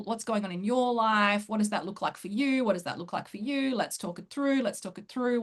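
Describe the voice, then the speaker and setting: A woman coach talking through her group program in a casual interview, excited and quick to laugh. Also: mid-range voice. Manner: excited, laughs often, fast bursts. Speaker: host and coach.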